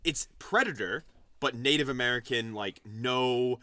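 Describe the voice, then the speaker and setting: A man co-hosting a casual podcast, rambling and animated, swearing casually as he thinks aloud. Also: mid-range voice, measured pace, no room sound. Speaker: podcast co-host. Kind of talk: casual chat.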